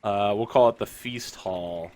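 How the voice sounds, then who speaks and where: A man's voice: fairly low pitch, measured pace, a little mellow. Man loosely narrating a tabletop scene. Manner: loose, searching, full of "like". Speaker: game player narrating a scene.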